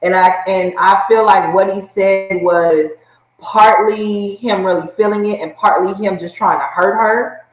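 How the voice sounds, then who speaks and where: A woman's voice: medium pitch, fairly even intonation, measured pace, roomy sound, poor audio. A woman co-host giving her take in a reflective, conversational way during a casual TV recap.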